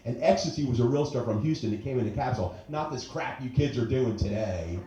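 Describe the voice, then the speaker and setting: Brash comedian, warm and very echoey. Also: male voice, mid-range voice, lively intonation, fast, few pauses, lo-fi sound. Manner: brash, crude, with mock-fussy character voices. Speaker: stand-up comedian. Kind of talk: stand-up comedy set. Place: comedy club stage. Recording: very echoey club room.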